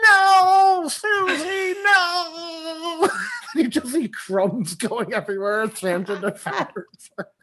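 A man's voice: high voice, husky. A man co-hosting a casual podcast, retelling a film scene by scene with frequent laughter and acted-out quotes. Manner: animated retelling, laughs often, acts out quotes. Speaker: podcast co-host. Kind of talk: casual movie recap chat.

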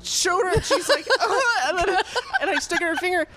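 A woman's voice: very high-pitched, brisk, a little hiss or hum. A woman guest on a podcast, casually telling a long story and acting out what people said, with many fillers. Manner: animated, acts out quotes, lots of "like". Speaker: podcast guest, event producer.

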